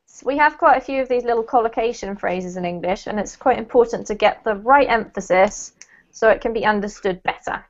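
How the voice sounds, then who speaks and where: A woman's voice: on the high side, fairly quick. A woman teaching an online English class, patient and encouraging, laughing easily as she corrects pronunciation. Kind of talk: online group English lesson. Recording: lo-fi online call audio.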